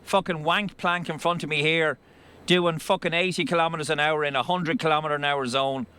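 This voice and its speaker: A man's voice: on the high side, fairly even intonation, normal speed, pushed and bright, smooth. An Irish man driving a truck, talking bluntly and swearing freely in a rambling way from his cab. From Ireland. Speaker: truck driver. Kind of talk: driving vlog commentary. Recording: road noise in the cab.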